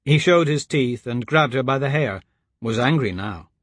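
A man reading a children's adventure story aloud in an even, steady storytelling manner. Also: medium pitch, moderate pace, no echo, clean studio sound. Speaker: narrator. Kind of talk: audiobook narration.

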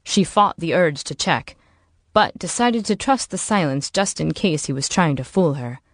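A woman reads a novel aloud as an audiobook narrator, her low-pitched, scripted narration measured and even. The recording is dry and studio-clean.

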